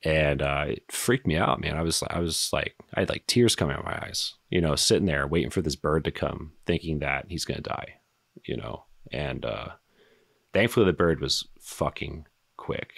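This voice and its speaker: A man in his thirties, a retired soldier and podcast guest, telling a story in a casual, halting way with lots of fillers and swearing. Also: a bass voice, gravelly, fairly bright tone, no echo, clean studio sound.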